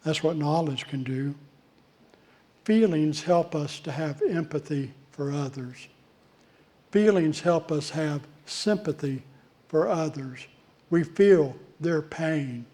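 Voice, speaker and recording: A male pastor preaching a sermon in a measured way, with deliberate pauses between phrases. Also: on the high side, mellow. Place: church.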